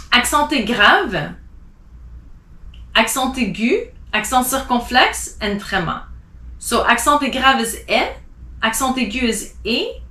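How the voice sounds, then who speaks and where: Slow, bright-voiced woman teaching pronunciation. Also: fairly high pitch. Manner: spells out letters and repeats words deliberately. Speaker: French teacher. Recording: echoey room.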